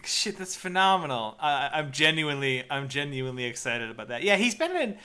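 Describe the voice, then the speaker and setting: A man co-hosting a podcast in casual chat, excitable and laughing often, with frequent filler restarts. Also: a little high, brisk. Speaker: podcast co-host.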